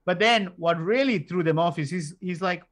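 A middle-aged man with a voice pitched a little high spins a story in casual chat. He is animated, swears freely and acts out the other people's lines. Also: normal speed. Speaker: podcast guest telling a story.

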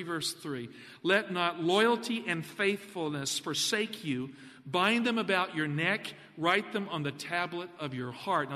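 A man preaching a sermon, animated, putting questions to the congregation. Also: fairly high pitch, long reverb tail.

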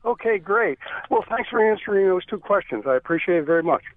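A slightly higher-voiced man calls in to a radio show, polite and halting, stumbling over his words as he asks his questions. He comes through a thin, tinny phone line with a dry sound. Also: expressive, no room sound. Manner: halting, many uh fillers, polite. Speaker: radio caller.

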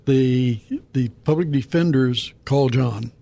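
A man co-hosting a Christian radio show, reading scripture verses and talking through them in a halting, casual way. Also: mid-range voice, creaky, mellow. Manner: halting, reads scripture aloud and dedicates it. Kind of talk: Bible study radio talk.

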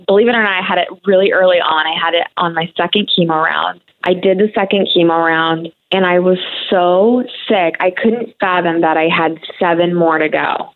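A woman in her thirties, a guest on a talk show, speaking candidly in a conversational way with many fillers. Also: fairly low pitch. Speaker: guest sharing her cancer story. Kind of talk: emotional interview conversation. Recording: tinny phone-like radio audio.

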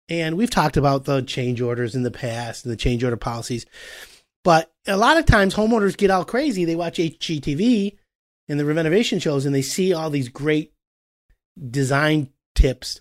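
A man hosting a talk show about home renovation, explaining with animated acted-out dialogue. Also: fairly high pitch, moderate pace. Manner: animated, acts out customer and contractor voices. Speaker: podcast host.

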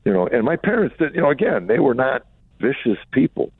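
Speaking a little fast in a mid-range voice with big pitch swings and a breathy edge, this Chicago comedian and author guests on an interview. Wry and reflective, he shares candid family stories and voices relatives' quotes, with no echo over a dry phone line.

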